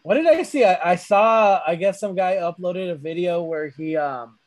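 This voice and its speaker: A young man with a notably high voice chats loosely on a podcast. He rambles through stories full of profanity and breaks into laughter often. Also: normal speed, low-quality recording. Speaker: podcast co-host. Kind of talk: casual chat.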